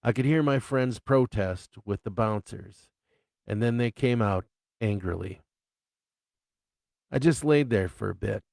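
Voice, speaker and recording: A man reads from his own novel in a slow, unhurried storytelling voice. His tone is low and gravelly, with a dry, close sound. He delivers crude humor in a matter-of-fact way. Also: a little mellow, dry recording. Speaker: author reading his novel. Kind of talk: live reading of fiction.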